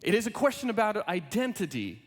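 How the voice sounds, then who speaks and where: Lively high-voiced male pastor in a reverberant church. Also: fairly quick. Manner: animated, playful, invites the congregation to join in. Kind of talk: sermon with scripture reading. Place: large church sanctuary.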